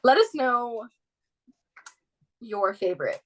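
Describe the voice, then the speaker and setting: A young adult woman whose first language is Spanish, co-hosting a podcast in casual chat, eager and quick to jump in and repeat phrases. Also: fairly high pitch, lively intonation, a bit bright. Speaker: podcast co-host.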